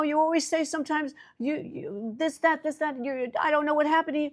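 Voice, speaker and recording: An older woman from New York City, co-hosting a casual chat and telling stories with lively, rising excitement. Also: brisk, few pauses. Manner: animated storyteller, voice jumps high when excited. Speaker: co-host.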